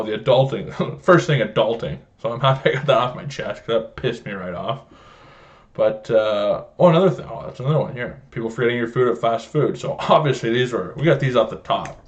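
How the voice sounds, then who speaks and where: Swearing young man ranting. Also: medium pitch. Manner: profane, joking storyteller, laughs often. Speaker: podcast host. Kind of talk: casual solo podcast rant. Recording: dull lo-fi home podcast audio.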